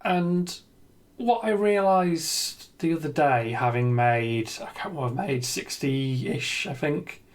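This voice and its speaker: Speaking slowly yet animatedly in a fairly high voice, a gaming video creator reflects in an unscripted monologue. He sounds earnest and self-deprecating, stumbling through lots of ums and restarts.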